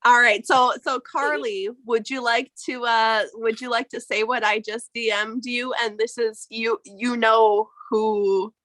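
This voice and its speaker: A woman game master guides her players through a tabletop session with slow, easy pacing and a bright, clear tone. Her voice sits a little high, and she slips into giggles between calls for dice rolls. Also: steady tone, rough recording. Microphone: online call audio.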